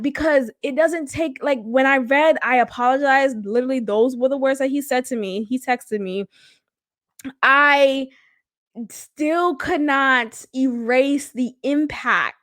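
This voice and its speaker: A woman's voice: high voice, a bit bright, no echo, clean studio sound. A young woman of Haitian roots, a podcast host telling a personal story in casual, candid talk and swearing freely.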